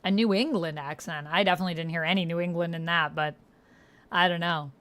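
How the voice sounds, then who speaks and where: A woman's voice: fairly low pitch, steady tone, quick pace, a bit bright. A woman streamer chatting casually and rambling to her viewers during a livestream.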